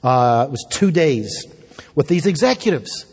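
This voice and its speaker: A man preaching a sermon-style Bible lesson in a casual, animated way, full of asides to his listeners. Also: on the high side, measured pace, husky, big-room sound. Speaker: pastor teaching a school discipleship class.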